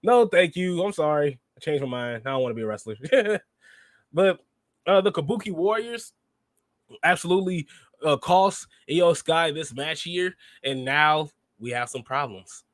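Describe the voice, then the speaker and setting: Animated man recapping wrestling, bit high. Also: normal speed, no echo. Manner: animated, rambling, acts out quotes. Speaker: podcast host.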